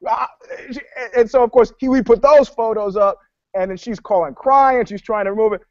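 A man's voice: high-pitched, moderate pace, no echo. A man telling a long story in casual chat, rambling with many restarts and acting out the lines of others. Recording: dull, dry lo-fi sound.

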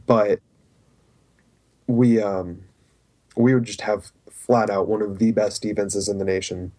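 A man's voice: on the low side, steady tone, takes it slowly, mellow. A man with a Southern US accent co-hosting a casual podcast, rambling and hedging as he talks. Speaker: podcast co-host.

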